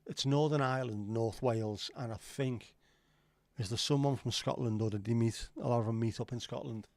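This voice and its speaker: Middle-aged man hosting a casual stream, mid-pitched, chatty and sweary, dry close sound. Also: steady tone, normal speed, a little mellow, no echo. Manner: rambling, sweary, reads out chat comments. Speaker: livestream host. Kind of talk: casual livestream chat.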